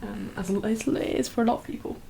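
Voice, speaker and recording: Soft-spoken young woman, half-whispering. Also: mid-range voice, fairly even intonation, a little fast, vocal fry, slight background noise, rough recording. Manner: rambling, full of fillers and laughs. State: teary, emotional. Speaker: ASMR creator. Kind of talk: soft-spoken ASMR chat.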